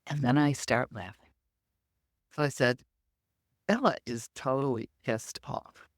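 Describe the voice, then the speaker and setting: A woman's voice: rumbling low, unhurried, no echo, studio quality. A middle-aged woman, a medium and podcast guest, telling anecdotes in an interview and acting out the quoted dialogue. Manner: animated, acts out quoted dialogue.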